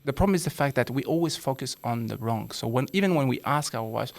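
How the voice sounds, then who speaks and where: A man's voice: mid-range voice, lively intonation, fast talker, vocal fry. A man who is a psychologist, talking as a podcast guest and explaining earnestly with rhetorical questions. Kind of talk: casual conversation.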